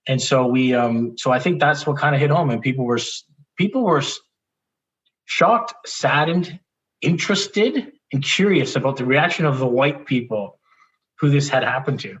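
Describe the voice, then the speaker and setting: A man's voice: mid-range voice, normal speed. Candid storytelling man, slightly muffled audio. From Canada. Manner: animated, restarts often, laughs while telling. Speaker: interview guest.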